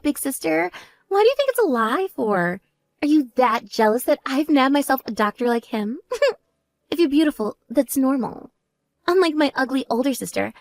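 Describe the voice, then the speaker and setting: A woman voicing a spoiled, vain young woman who talks in a mocking, shrill and demanding way. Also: vocal fry, darkish tone, no room sound. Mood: boastful.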